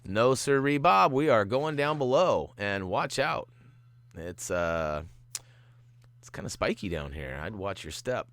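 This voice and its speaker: Jokey male gameplay host, deep and bouncy, dry close sound. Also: animated, a little slow, dry recording. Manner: playful and jokey, with goofy asides. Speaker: game walkthrough host. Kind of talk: gameplay commentary.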